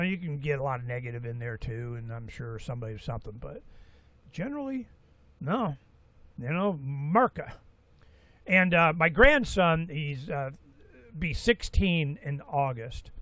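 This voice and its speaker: A man in his sixties giving a rambling, folksy talk-radio monologue as host, with animated asides. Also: a little high, no room sound. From Florida, USA. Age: 60s.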